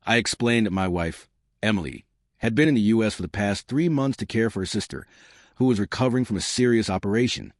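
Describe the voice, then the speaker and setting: Brief: fifties man, low and animated storytelling narration. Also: moderate pace, dry recording, studio quality. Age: 50s. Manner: expressive, storytelling. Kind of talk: scripted first-person story narration.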